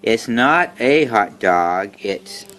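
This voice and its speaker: A woman's voice: very deep voice, lively intonation, extremely slow, fairly bright tone, full character voice. Woman doing a huffy possessive pigeon. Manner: huffy, pleased with himself. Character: irritated, possessive male pigeon with a hot dog.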